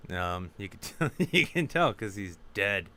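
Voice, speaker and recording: A man co-hosting a comedy podcast, chatting crudely and jumping into high mocking voices for the people in his stories. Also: big pitch swings, a little slow, pushed and bright. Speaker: podcast co-host. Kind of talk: casual comedic chat.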